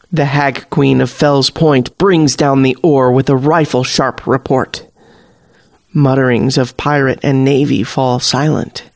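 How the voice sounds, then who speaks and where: A man narrating a fantasy story podcast in a measured, deliberate storytelling manner. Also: mid-range voice, no echo, studio quality. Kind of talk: scripted narration.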